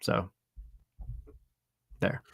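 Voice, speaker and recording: A man's voice: drawn-out words, fairly bright tone, no room sound, clean studio sound. A man co-hosting a casual sports podcast, backing up his point with stats. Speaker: podcast co-host.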